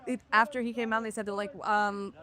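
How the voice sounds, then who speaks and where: A woman panelist on a news show, chatting casually in a gushing, animated way, full of "like" fillers. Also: medium pitch, fairly quick. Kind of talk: casual chat.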